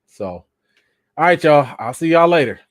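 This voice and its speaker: Animated man chatting to his live stream. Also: moderate pace, no echo, studio quality. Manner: animated, jumps high when excited, addresses chat directly. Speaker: live chat host. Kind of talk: casual live-stream chat.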